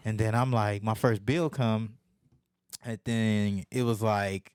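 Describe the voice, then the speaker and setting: Young man, lower voice, dry close sound, casual profane storytelling. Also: takes it slowly, smooth, dry recording. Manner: profane storytelling, lively voices for quoted people. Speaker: podcast host. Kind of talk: casual chat.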